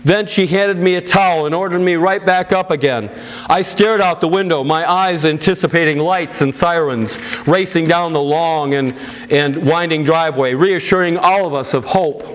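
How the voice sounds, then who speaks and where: A male pastor speaking to an audience and reading a family's account aloud, with earnest, emotional storytelling and plain asides. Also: moderate pace. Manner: earnest, emotional storytelling with loud raised-pitch quotes.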